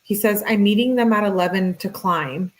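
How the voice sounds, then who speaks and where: A young adult woman who does true crime commentary reads text messages aloud at a moderate pace, adding her own remarks. Her reading voice is flat but lifts slightly for the girl's texts, and the audio is poor.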